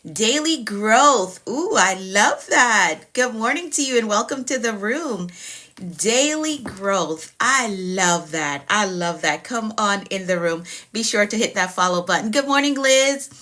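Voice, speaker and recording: A woman who works as a productivity coach, hosting a casual live stream and warmly greeting her viewers by name over and over. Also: mid-range voice. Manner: upbeat, welcoming, repeats greetings to viewers by name.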